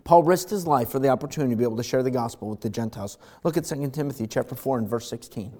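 Middle-aged guy preaching a sermon, gets loud then drops real quiet, mid pitch. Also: rapid-fire. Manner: dynamic preacher, swings from loud emphatic to hushed. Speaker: pastor.

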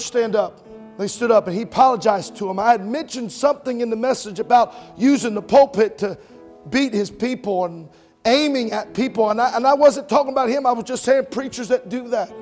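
A man preaching a revival sermon, telling stories that swell to shouts and drop to a hush, ending in an altar call. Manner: storytelling, voice swells to shouts then drops low.

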